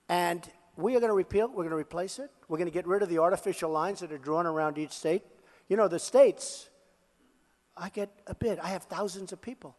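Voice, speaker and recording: An older man holds forth at a campaign rally, boasting and repeating his lines in an off-the-cuff way. His voice sits high for a man, and a long hall reverb trails each phrase. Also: a little fast. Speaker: political candidate at a rally. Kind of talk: rally speech.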